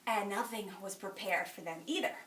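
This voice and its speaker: Woman, bright forceful voice, lively motivational speaker, recorded from across a room. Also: medium pitch, normal speed. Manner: animated storyteller, acting out dialogue. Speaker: sales director speaking at a meeting. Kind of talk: motivational talk to a group. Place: meeting room. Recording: echoey room, from a distance, faint noise.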